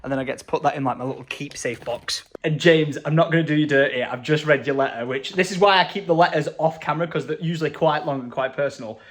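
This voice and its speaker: A man, chatting casually at home in a vlog, excitable and quick to jump up in pitch when delighted. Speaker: vlogger. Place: at home, indoors.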